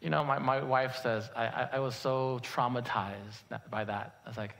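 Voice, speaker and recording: A man's voice: mid-range voice, fairly even intonation, normal speed, vocal fry, hardly any pauses, a bit bright. A middle-aged male pastor giving a sermon, telling a story with lots of fillers before building to emphatic preaching.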